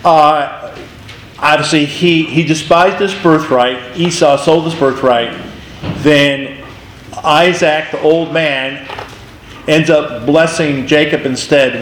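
A man's voice: a little high, fairly bright tone, roomy sound, slight background noise, poor audio. A man teaching a Bible class in a casual way, retelling the story with animation and acting out the figures' lines.

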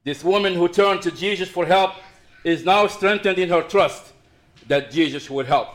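A middle-aged man preaching a sermon as pastor, swinging between raised emphasis and quiet asides. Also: sits high, moderate pace.

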